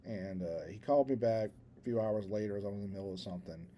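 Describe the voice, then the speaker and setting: A man's voice: fairly low pitch, fast, lo-fi sound, slight background noise. A man co-hosting a podcast, telling a rambling, self-deprecating story in casual chat and laughing at himself. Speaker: podcast co-host.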